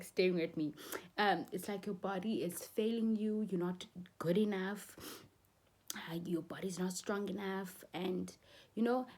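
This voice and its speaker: South African woman, vlogger sharing a personal story; emotional, halting delivery, mid-range voice, some Xhosa phrases. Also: medium pitch, a little mellow.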